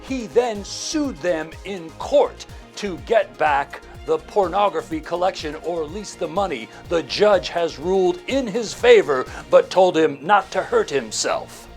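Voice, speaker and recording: A man delivering a mock newscast and documentary narration with a deadpan, mock-serious tone. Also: high-pitched, measured pace, creaky, soft background music. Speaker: comedy news anchor and narrator.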